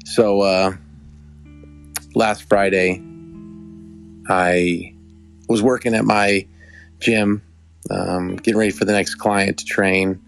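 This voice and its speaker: A man's voice: sits low, level tone, takes it slowly, gravelly, long pauses, soft background music. A young adult man hosting a podcast, telling a rambling, affectionate story with many restarts. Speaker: podcast host. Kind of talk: casual storytelling.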